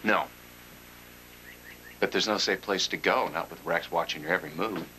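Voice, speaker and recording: An actor playing a calm, level-headed advisor who speaks in a measured, steady way in a TV drama. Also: male voice, deep voice, slight background noise, low-quality recording. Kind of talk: daytime TV drama acting.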